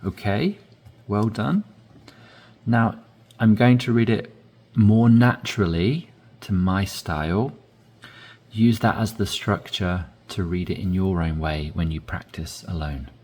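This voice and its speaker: A man teaching English conversation, modeling phrases slowly with deliberately stressed inflection. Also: lowish voice, a little mellow. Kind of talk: language lesson, reading dialogue aloud.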